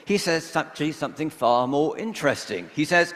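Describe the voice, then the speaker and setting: A vicar giving a measured, reflective sermon in a church, pausing often between phrases. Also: male voice, on the high side, expressive, fairly bright tone. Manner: measured, reflective preaching with pauses. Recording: long church reverb.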